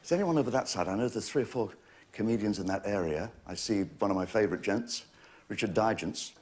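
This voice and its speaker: A man, hosting a stand-up routine and mocking his targets in quick runs that build to punchlines. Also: on the low side. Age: 60s. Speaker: comedian host. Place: TV studio with a live audience. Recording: loud audience laughter behind. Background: audience laughter.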